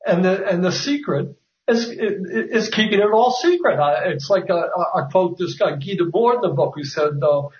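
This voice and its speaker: A man's voice: sits high, lively intonation, moderate pace. A man, an author being interviewed, talking at length with many fillers and restarts. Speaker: author guest. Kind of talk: conversational interview. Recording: roomy, distant, dull sound.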